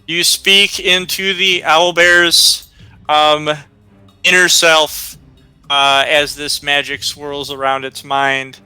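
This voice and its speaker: Slow, bright-voiced game master man. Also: fairly high pitch, little pitch movement, clear, resonant tone, no echo, soft background music, rough recording. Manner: slow, hesitant narration with many fillers. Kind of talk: narrating a tabletop game.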